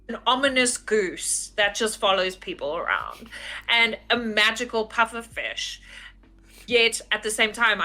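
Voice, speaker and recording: Bright-voiced woman, animated. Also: medium pitch. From South Africa. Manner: animated and rambling, many "like"s, laughs at herself. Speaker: podcast guest, game master. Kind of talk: casual interview chat.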